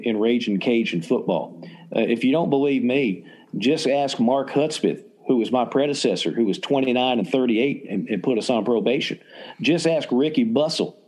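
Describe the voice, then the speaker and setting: A man putting on a cocky Southern college football coach at a press conference. He brags and promotes himself in a put-on Southern drawl, pitched a little lower than his usual voice. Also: darkish tone, lightly acted. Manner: brash, self-promoting press-conference talk. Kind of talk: mock press conference impression.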